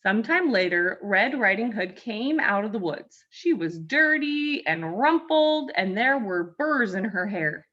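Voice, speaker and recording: A woman reading a fairy tale aloud at a slow, careful pace, her voice bright and lively in its rises and falls. The recording sounds slightly dull, like a modest home setup. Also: medium pitch. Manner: expressive, slow, clear. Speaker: storyteller. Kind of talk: storybook read-aloud for learners.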